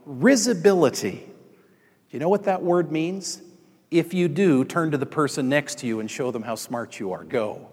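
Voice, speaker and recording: A somewhat high-voiced man preaching a sermon in a church sanctuary, his voice trailing off into a long hall reverb. He tells stories and turns to the congregation as he speaks. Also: expressive, moderate pace, a little mellow, husky. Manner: storytelling, addressing the congregation directly. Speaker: pastor.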